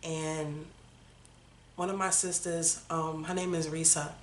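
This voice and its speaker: A woman's voice: low-pitched, flat delivery, slow pace, slight background noise. A woman in her thirties, a vlogger, telling her personal story in a candid, conversational way, full of fillers. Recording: roomy echo.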